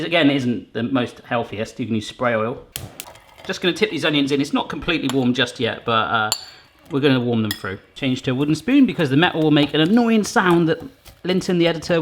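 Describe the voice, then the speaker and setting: Bloke chatting through a recipe, jokey, slightly high voice, bit of hiss behind. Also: male voice. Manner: chatty, jokey, rambling asides. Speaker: cooking channel host. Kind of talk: casual cooking demonstration.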